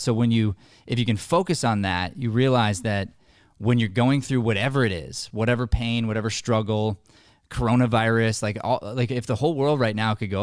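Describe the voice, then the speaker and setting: A man's voice: mid-range voice, brisk, no room sound, clean studio sound. A man hosting a podcast, talking earnestly in a casual way and often restarting his sentences. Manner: earnest, storytelling, with repeated restarts. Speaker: podcast host and acting coach.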